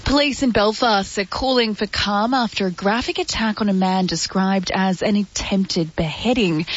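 Husky-voiced female newsreader. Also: medium pitch. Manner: measured, formal. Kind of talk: news bulletin reading. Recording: muffled broadcast with music bed.

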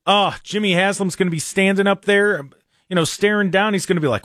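A man hosting a casual talk show, animated and sarcastic, often dropping into mocking voices. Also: high voice, brisk, dry recording, clean studio sound. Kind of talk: casual chat.

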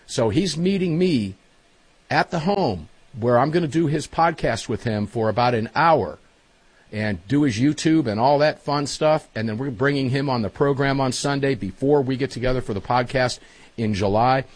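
A man's voice: medium pitch, moderate pace, husky. A man hosting talk radio, joking and opinionated.

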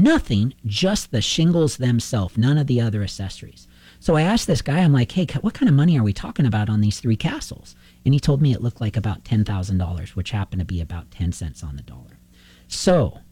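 A middle-aged man, a roofing contractor, telling animated stories in a casual interview, acting out the phone calls he quotes. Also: mid-range voice, no echo.

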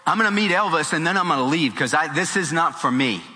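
A preacher acting out an earnest, godly young man torn between temptation and faith, pitched up and halting as he pleads. His voice has a bright, forceful ring and carries through a big reverberant hall with faint music behind it. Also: animated. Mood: pleading.

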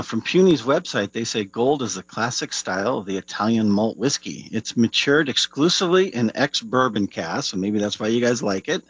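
A man joining a radio show remotely, reading tasting notes for the whiskey segment in a relaxed way. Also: mid-range voice, husky, no room sound, rough recording. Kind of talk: reading product notes on air. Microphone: remote call-in.

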